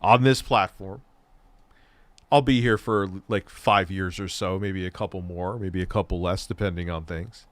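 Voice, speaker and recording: A man's voice: low voice, steady tone, moderate pace, no echo. A man hosting a casual reaction stream, profane and mocking. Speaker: host.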